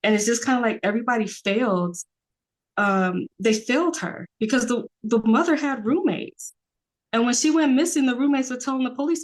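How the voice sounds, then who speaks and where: A woman's voice: a little high, a little fast. A woman, a podcast guest talking earnestly in a rambling casual way, with many fillers.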